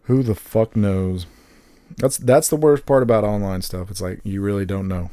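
A man in his thirties on a casual podcast, animated and swearing freely, laughing often. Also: lowish voice, moderate pace, no echo. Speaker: podcast co-host.

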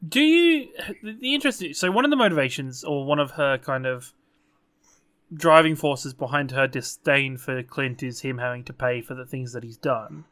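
A man co-hosting a casual podcast chat, animated and casually swearing. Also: medium pitch, moderate pace. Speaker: podcast co-host.

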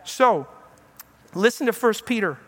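Pastor, male, high voice, lively storytelling preacher who plays out the quotes. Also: a little slow. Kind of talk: sermon.

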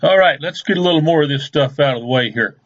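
A man's voice: on the high side, quick pace, lo-fi sound, faint music behind. A man hosting a radio show, rambling through news stories in a folksy, casual way and chuckling at his own stories.

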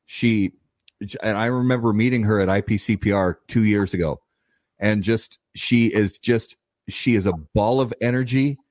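A male host asking a guest a long, halting question with frequent restarts. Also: lowish voice, darkish tone, dry recording, clean studio sound. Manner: halting, restarts often while setting up a question. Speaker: podcast host. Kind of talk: interview questions.

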